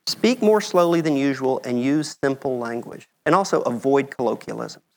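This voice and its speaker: Middle-aged American man presenting slides; easygoing, chatty lecturer, mid-range pitch. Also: moderate pace, vocal fry, darkish tone. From United States. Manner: conversational, checks in with "okay?". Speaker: medical mission speaker. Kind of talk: conference talk with slides.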